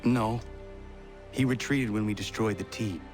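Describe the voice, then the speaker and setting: A man's voice: on the low side, measured pace, natural voice. An actor playing an earnest, determined young male hero in a video game, speaking in short, firm lines. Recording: distant voice over game music.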